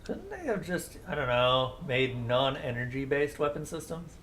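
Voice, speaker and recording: A man's voice: mid-range voice, very animated, moderate pace, hardly any pauses, a bit bright, a little hiss or hum. Rambling, sarcastic male game streamer. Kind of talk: casual live-stream chat over gameplay.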